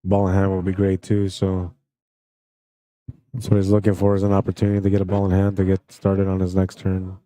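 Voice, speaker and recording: This is a man doing live play-by-play for a pool tournament stream. His voice sits fairly low, with a warm, mellow tone. He talks in a friendly, unhurried way and greets viewers from the chat as the match goes on. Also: no room sound. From Canada. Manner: relaxed, friendly, reads out chat comments between shots.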